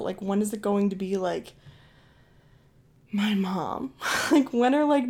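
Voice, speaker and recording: With a mellow, mid-range voice, this young Ohio woman hosts a podcast and recounts a story casually. Her manner is blunt and emphatic, and she swears plenty.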